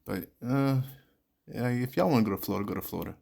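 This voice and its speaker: A man's voice: lowish voice, quick pace, gravelly, darkish tone. A man hosting a podcast, giving blunt, candid advice straight to his listeners in a casual monologue. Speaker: podcast host.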